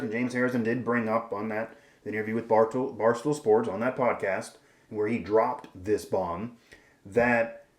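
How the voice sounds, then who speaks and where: A man's voice: mid-range voice, darkish tone, reverberant. A man hosting a sports show, giving emphatic, rambling opinion commentary with frequent restarts.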